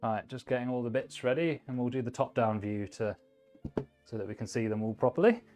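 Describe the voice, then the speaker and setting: A man's voice: mid-range voice, brisk, darkish tone, faint music behind. A man hosting a live stream, chatting casually and giving blunt hardware advice while he works on a build. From United Kingdom. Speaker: livestream host, PC builder.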